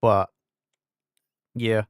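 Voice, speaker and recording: A man's voice: fairly low pitch, level tone, drawn-out words, smooth, dry recording, studio quality. A young man from England, his English accent fading toward London, chatting casually and rambling on a gaming stream. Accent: fading English, London-leaning. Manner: rambling, filler-heavy, self-interrupting.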